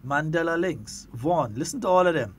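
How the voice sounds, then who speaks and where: High-voiced Grenadian radio host. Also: male voice, normal speed, slight background noise. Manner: lively, laughs often, stretches words for emphasis. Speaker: radio talk show host. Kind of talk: casual radio chat.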